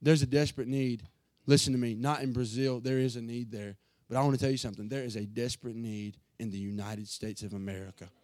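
A pastor preaching an emotional sermon from the pulpit, earnest and building to fervent passages. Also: male voice, medium pitch, steady tone, fast talker, hardly any pauses, a little mellow, dry recording.

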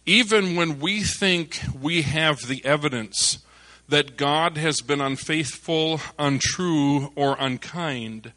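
A male preacher giving a sermon, telling a hunting story with lively bursts of excitement before turning back to scripture. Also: a little high, takes it slowly, dry recording. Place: church service.

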